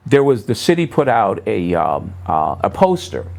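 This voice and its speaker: A middle-aged man, a pastor, telling stories as a guest on a talk show, acting out others' words in sudden higher tones and dropping low on asides. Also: moderate pace, vocal fry. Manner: animated storyteller, voices other people's remarks with sharp jumps up in pitch. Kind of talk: storytelling in a talk show conversation. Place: local public access TV studio.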